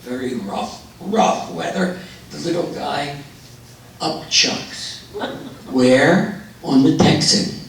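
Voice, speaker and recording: A man telling jokes to a live audience, unhurried, louder on the punchlines. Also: fairly high pitch, gravelly, slight background noise. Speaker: joke teller. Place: forum hall. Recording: echoey hall, voice from far off.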